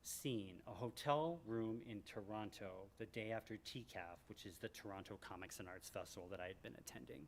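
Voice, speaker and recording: A man in his sixties from Michigan, reading from his memoir to a live audience in a library event room, animated and joking. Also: slight background noise. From Michigan, USA. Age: 60s. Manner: animated and joking, with big swings in pitch and loudness. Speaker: author at a book event.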